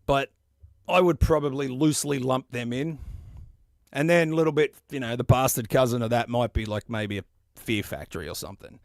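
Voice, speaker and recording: A man in his forties hosting a stream, chatting casually and profanely in a rambling, animated way. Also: medium pitch, fairly quick, gravelly, no echo, studio quality. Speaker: podcast host. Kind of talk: casual chat about metal albums.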